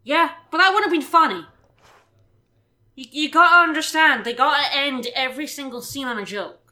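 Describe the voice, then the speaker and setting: A woman with a high, bright voice jokes sarcastically with her co-hosts. She swears casually and cuts in with short dry remarks. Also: moderate pace. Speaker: podcast co-host. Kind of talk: casual chat.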